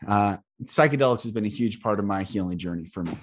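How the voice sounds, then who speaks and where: Fervent low-voiced man, podcast host. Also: quick pace. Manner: fervent, repetitive, speaks with swelling emphasis. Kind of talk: emotional spiritual conversation.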